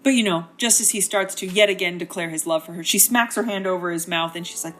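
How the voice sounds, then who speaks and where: A woman's voice: fairly low pitch, fast, hardly any pauses, a bit bright, faint music behind. A woman hosting a comedic book synopsis, narrating in a wry, chatty, slangy way. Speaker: host.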